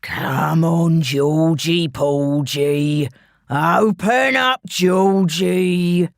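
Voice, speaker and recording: A woman's voice: low voice, no room sound, studio quality, full character voice. Woman doing a taunting London gangster. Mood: menacing. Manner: slow, mocking, threatening drawl. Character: menacing male London gangster, taunting and cruel.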